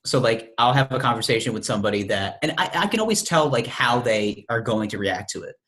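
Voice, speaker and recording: A man's voice: mid-range voice, expressive, a little fast, a bit bright. A young man co-hosting a casual podcast, laid-back and opinionated, who swears freely. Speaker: podcast co-host.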